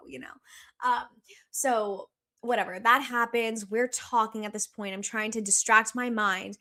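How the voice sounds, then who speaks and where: Young woman, bright clear voice, somewhat high, casual profane storytelling, lots of "like" and "okay". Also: moderate pace. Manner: chatty and profane, full of "like" and "okay". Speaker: podcast guest.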